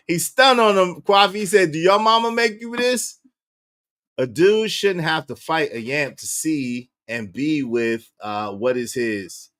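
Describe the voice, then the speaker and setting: A man hosting a reaction video, giving blunt, animated commentary and laughing as he talks. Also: fairly high pitch, takes it slowly. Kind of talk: casual commentary on clips.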